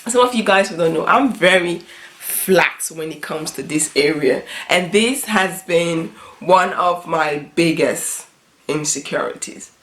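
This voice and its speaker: A young adult woman talking earnestly in a personal vlog, halting and restarting often. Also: on the low side, a bit bright. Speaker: beauty vlogger. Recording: roomy echo.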